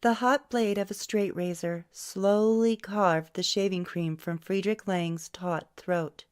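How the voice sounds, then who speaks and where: A woman's voice: medium pitch, steady tone, takes it slowly, darkish tone, clean tone. A woman narrating a novel as an audiobook, reading all the characters' lines herself. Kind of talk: scripted narration.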